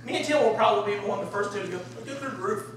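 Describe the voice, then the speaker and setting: A man giving a conversational sermon, animated and acting out the voices of people in the story. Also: sits high, racing. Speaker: preacher. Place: church sanctuary. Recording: echoey room, distant mic, faint hiss.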